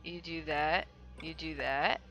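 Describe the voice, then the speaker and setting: A young woman giving casual gameplay commentary, chatty and excitable, with loud outbursts and some swearing. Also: sits low, slow, dull audio, faint music behind. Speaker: let's play gamer.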